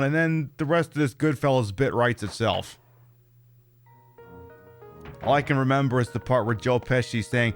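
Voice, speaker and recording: A man's voice: mid-range voice, normal speed, soft background music. A man with a North Jersey accent giving casual, joking and profane commentary while streaming a game. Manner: profane, joking, talks to chat.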